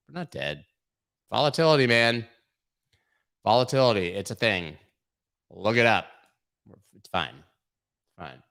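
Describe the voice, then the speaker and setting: A man's voice: on the low side, lively intonation, normal speed, creaky, long pauses, fairly bright tone. A man hosting a crypto livestream, going over charts in casual, irreverent commentary full of swearing and mockery. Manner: irreverent, profane, mocking.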